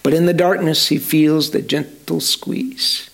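A man telling a story in a sermon, slowly and dramatically, speaking directly to his listeners. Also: on the high side, vocal fry. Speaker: storyteller preacher.

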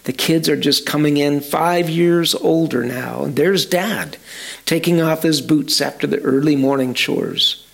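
A man telling a story in a sermon, slowly and dramatically, speaking directly to his listeners. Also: a little high, vocal fry. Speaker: storyteller preacher.

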